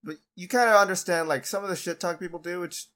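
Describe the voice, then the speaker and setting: A man's voice: high-pitched, fast talker, sharp tone. A young man co-hosting a podcast, laid-back and laughing along in casual chat. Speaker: podcast co-host.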